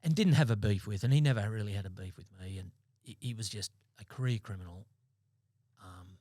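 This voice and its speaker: An Australian man in his fifties, a former police sergeant, telling his story as a podcast guest in a blunt, halting way with many restarts. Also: on the low side, mellow, no room sound. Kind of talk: interview storytelling. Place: podcast studio.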